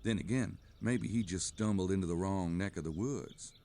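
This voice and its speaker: A man's voice: low voice, normal speed, dark tone, slight background noise. An actor voicing a wry adult male detective in a video game, with dry asides. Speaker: game protagonist.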